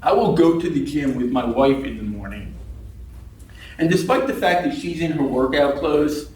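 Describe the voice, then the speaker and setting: A man's voice: fairly high pitch, lively intonation, moderate pace, a little mellow. A man giving a humorous prepared speech at a speaking club, telling wry stories and acting out the people in them. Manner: wry storytelling, acts out quoted people. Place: meeting room. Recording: echoey room from far off.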